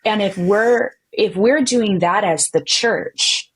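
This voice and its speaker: Breathy woman guest on a podcast, earnest, talks with conviction, does little voices for people she quotes. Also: slow pace, rough recording. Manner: earnest, acts out quoted people with sharp pitch jumps; faith-centered, speaks with conviction. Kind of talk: candid conversational interview.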